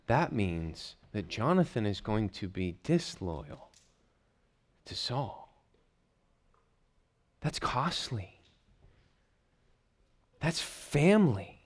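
A man preaching a verse-by-verse sermon, reading scripture aloud and explaining it with questions to the congregation. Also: medium pitch. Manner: reads scripture aloud then explains it, asking the listeners questions. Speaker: pastor. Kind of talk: expository sermon.

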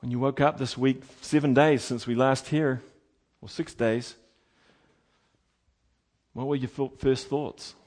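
A man preaching a sermon, animated and emphatic, moving between quiet asides and loud, lively passages. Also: mid-range voice, unhurried, pauses often. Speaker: pastor.

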